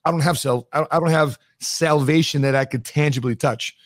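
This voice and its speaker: Animated storytelling man, dry sound. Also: fairly high pitch, normal speed, few pauses, no room sound. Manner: animated storyteller who acts out quoted dialogue. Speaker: guest. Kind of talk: conversational interview storytelling.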